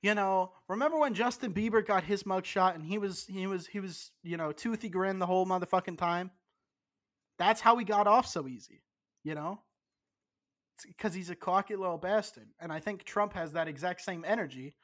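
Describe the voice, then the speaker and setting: Here a podcast co-host speaks at a normal speed in a high-sitting, fairly bright male voice. He's had a bit to drink, so the casual banter comes out rambling, full of swearing and stumbling false starts.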